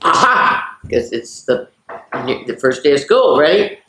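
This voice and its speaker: A woman hosting a children's story time, reading picture books and jokes aloud in an animated, sing-song storyteller voice. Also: a bass voice, measured pace, slight background noise. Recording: roomy echo.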